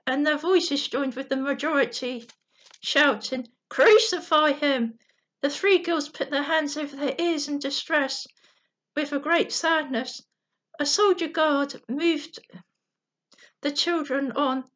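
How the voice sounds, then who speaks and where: A woman reading a bedtime story aloud in a gentle manner, with small slips and restarts. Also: sits high, steady tone, slow pace.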